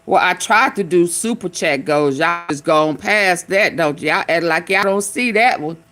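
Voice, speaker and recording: A woman's voice: fairly low pitch, unhurried, a bit bright. A woman hosting a casual live stream, talking back at video clips with sassy, loose slang.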